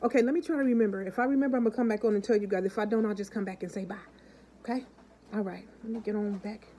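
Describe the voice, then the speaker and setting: This woman vlogger talks rapid-fire in a warm, medium-pitched voice that stays steady in tone. She chats with her viewers, keeps calling out to them, and tells stories in which she plays the different people. There's slight background noise, and the audio is low quality.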